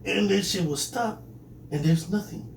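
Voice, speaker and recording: Animated laughing man in an echoey room. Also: high-pitched, a little slow, vocal fry. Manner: animated storyteller, laughs often, swears freely. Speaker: podcast co-host. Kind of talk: casual chat. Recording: echoey room, distant mic, faint noise.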